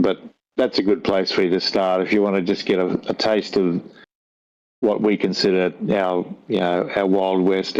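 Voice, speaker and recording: An older man from Australia with an Australian accent, chatting casually in a rambling, thoughtful way and correcting himself as he goes. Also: sits low. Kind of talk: casual conversation. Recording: dull lo-fi audio.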